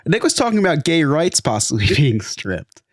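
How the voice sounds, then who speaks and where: A man's voice: fairly high pitch, big pitch swings, normal speed, no room sound, clean studio sound. A middle-aged man co-hosting a podcast, cracking jokes and laughing through his own punchlines in casual chat. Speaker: podcast co-host. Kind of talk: casual chat and comedic episode recap.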